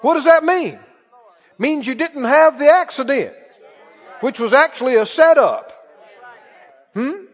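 A man's voice: extremely high pitch, animated, a little slow, long pauses, some chatter behind. A male preacher delivering a sermon, exhorting and quizzing his congregation. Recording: dull lo-fi, echoey hall.

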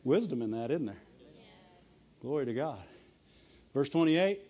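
A man preaching a sermon, emphatic and animated, chuckling often between points. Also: mid-range voice, measured pace, husky. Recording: dull lo-fi recording.

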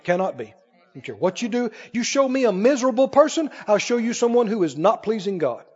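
High-voiced, lively man preaching a sermon. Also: fairly quick, husky, lo-fi sound. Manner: animated, laughing often, asking the congregation questions.

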